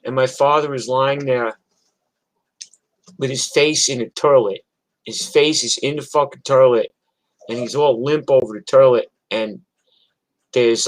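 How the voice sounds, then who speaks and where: A man in his sixties, a musician, telling a rambling personal story on a livestream, swearing and often dropping to a quiet mumble. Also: rough recording. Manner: rambling, profane, often trailing off into a low voice.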